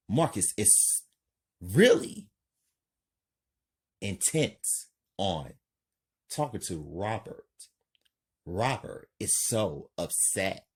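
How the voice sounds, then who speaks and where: Man narrating a crime script, very slow, low husky voice, lively pitch. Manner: plain, scene-by-scene narration. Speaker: storyteller. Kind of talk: reading a crime script aloud.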